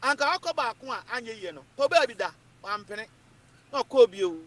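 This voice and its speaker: A Ghanaian man holds forth on politics in a high voice that swoops up and down. He talks emphatically and keeps repeating his points. He drifts between English and Twi as he argues. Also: lively intonation, brisk, fairly bright tone. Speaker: political commentator. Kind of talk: animated political talk.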